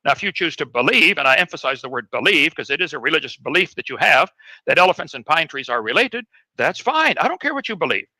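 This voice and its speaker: A man's voice: fairly high pitch, big pitch swings, fast talker, sharp tone, no room sound, low-quality recording. A man arguing insistently and dismissively in a recorded debate. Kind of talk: debate argument.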